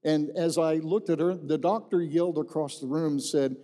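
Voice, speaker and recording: Folksy middle-aged preacher in a hall. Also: male voice, a little high, fairly even intonation, normal speed, few pauses, dark tone. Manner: folksy storyteller, repeats phrases for emphasis. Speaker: pastor. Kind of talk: personal testimony from the pulpit. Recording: long reverb in a large hall.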